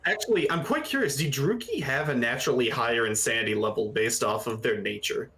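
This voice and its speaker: A man's voice: medium pitch, lively intonation, brisk, noisy background. A man playing a tabletop game, casually asking the game master curious questions. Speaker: player.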